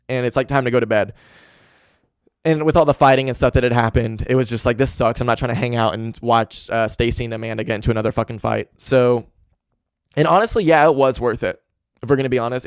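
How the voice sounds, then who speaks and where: A young man spins a rambling, profane story in casual podcast talk, leaning on "like" and restarting his sentences. His voice is smooth and clear at a middling pitch. He is recorded close on a dry mic with no room sound. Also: dry recording. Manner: rambling, animated, profane, with filler "like". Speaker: podcast host. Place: home room.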